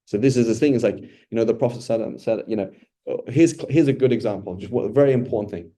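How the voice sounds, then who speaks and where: A man's voice: medium pitch, rapid-fire, mellow. A man giving an informal Quran study talk as a religious teacher, speaking conversationally with rhetorical questions and a frequent "right?".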